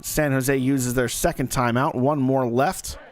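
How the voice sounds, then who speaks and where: A man's voice: mid-range voice, fairly even intonation, unhurried. A man giving live play-by-play commentary on a simulated football game in a folksy, joking manner that talks straight to the audience.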